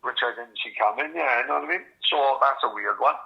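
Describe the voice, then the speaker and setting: A man's voice: medium pitch, quick pace, gravelly, highs cut off. Foul-mouthed man in his forties telling stories. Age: 40s. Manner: swears constantly, rambling storytelling. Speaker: podcast host. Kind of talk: casual chat.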